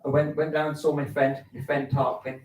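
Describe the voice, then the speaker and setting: This male stand-up has a fairly high, slightly mellow voice with little pitch movement and a fairly quick pace. He performs camp, bawdy comedy at a fringe festival theatre, using put-on voices in his stories, heard distantly in an echoey live room.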